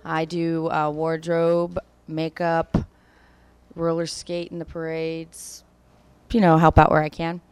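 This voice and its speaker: Low-voiced woman emceeing. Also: monotone, takes it slowly, clear, resonant tone. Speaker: community tour organizer and emcee. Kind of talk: casual live introduction.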